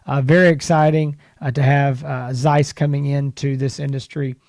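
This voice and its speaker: A man's voice: medium pitch, flat delivery, normal speed, darkish tone, dry recording, clean studio sound. A man co-hosting a podcast in an easygoing, casual way, signing off the show. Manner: easygoing, brief agreeing interjections. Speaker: podcast co-host.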